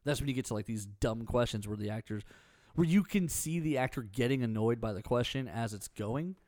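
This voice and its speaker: A man co-hosting a podcast, telling animated stories in casual chat. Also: medium pitch, a little fast, no room sound, clean studio sound. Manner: animated storyteller. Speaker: podcast co-host.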